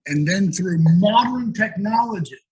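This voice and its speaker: A man's voice: high voice, lively intonation, measured pace, a little mellow, slightly rough, rough recording. A man hosting a casual cooking chat, joking and repeating himself as he asks questions. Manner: jokey, repeats himself while asking questions. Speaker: host.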